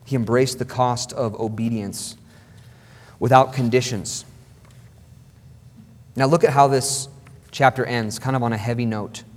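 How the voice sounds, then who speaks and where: A man's voice: medium pitch, fairly even intonation, unhurried, pauses often. A man preaching a sermon as pastor, emphatic and repeating phrases for stress. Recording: long hall reverb.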